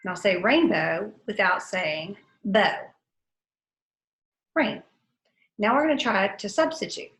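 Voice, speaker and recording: A woman teacher leading a phonics lesson for young children, saying each word slowly and clearly for the class to repeat. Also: medium pitch, fairly bright tone. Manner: slow, clearly enunciated word drills. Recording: roomy echo.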